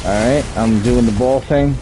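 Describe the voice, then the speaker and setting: A man's voice: mid-range voice, moderate pace, background noise. A man streaming a game, chatting casually, explaining mechanics and swearing freely. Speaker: streamer playing an online game. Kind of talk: casual gameplay commentary.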